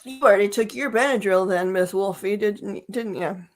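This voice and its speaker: A woman's voice: medium pitch, moderate pace. Woman, mid-range voice, hiccuping; chatty, giggly live-stream card reader talking to viewers. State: has the hiccups. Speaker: tarot reader. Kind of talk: live-stream reading, casual chat.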